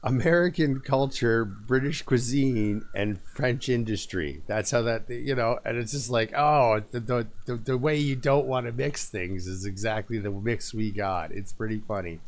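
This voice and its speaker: A middle-aged man with a fairly low voice chats loosely through a live stream. He rambles from story to story and answers viewers by name as he plays. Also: normal speed, hardly any pauses. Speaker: gaming streamer. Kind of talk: casual live-stream chat while playing.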